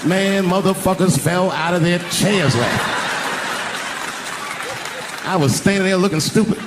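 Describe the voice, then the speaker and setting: At a measured pace and with a voice that sits high, an older male comedian delivers a profane stand-up story, doing voices for its characters. He holds a handheld stage mic in an arena, and the live recording picks up crowd noise and audience laughter.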